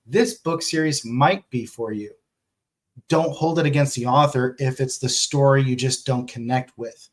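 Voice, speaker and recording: A man at a middle, everyday pitch, talking through his thoughts on a casual vlog. He speaks as an author answering viewer questions, animated and candid, and he swears freely. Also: normal speed.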